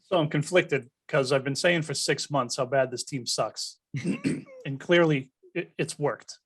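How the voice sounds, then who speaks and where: A man's voice: mid-range voice, a little slow, slightly rough. A man co-hosting a casual sports podcast, giving his picks with teasing jokes. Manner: joking, teasing asides. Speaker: podcast co-host.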